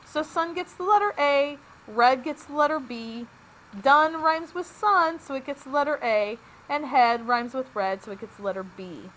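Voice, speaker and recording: A woman's voice: high-pitched, moderate pace, fairly bright tone, low-quality recording. A woman teacher giving a recorded lesson, upbeat and explaining each step plainly.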